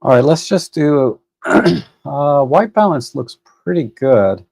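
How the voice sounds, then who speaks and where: Fairly high-pitched yet creaky, husky, and a little mellow, this man's expressive voice moves slowly with no room sound. He hosts a photo editing livestream from his computer, using a desk microphone and chatting casually with fillers and restarts.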